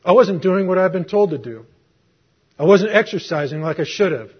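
A man's voice: sits high, lively intonation, moderate pace, slightly rough. A middle-aged man preaching a sermon, telling a personal story in a conversational way with rhetorical questions. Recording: muffled lo-fi recording.

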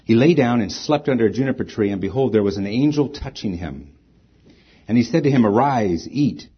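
A man's voice: medium pitch, lively intonation, brisk, husky, lo-fi sound. A man preaching a sermon as pastor, reading scripture aloud with rising emphasis and then speaking plainly to the congregation.

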